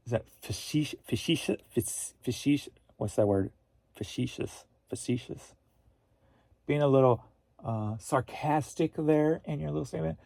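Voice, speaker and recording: A man's voice: medium pitch, gravelly, mellow, dry recording. A middle-aged man from Missouri hosting a casual livestream, rambling easily and reading viewer comments aloud. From Missouri, USA. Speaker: host.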